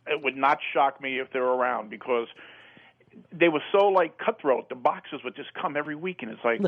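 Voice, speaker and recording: A man's voice: medium pitch, normal speed. A man calling in to a talk radio show, telling a rambling story in casual chat. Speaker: caller. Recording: phone-line sound.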